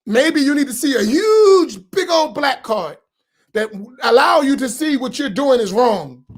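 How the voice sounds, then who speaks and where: Impassioned American imam, high gravelly voice. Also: male voice, very animated, unhurried. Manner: preaching with rising shouts and rhetorical questions. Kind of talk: impassioned sermon.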